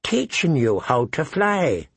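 A man reading aloud who voices a small male crow that speaks in teasing riddles, raising his voice higher than his usual. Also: huge pitch swings, takes it slowly, creaky, husky, dry recording, exaggerated voice. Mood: coaxing. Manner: riddling, lightly mocking.

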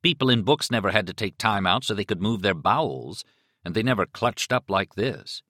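A male audiobook narrator reads with a dramatic, expressive delivery and a low voice that rises and falls widely. His tone is bright and forward, and the recording is dry and close with no room sound. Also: moderate pace, no room sound. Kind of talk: scripted narration.

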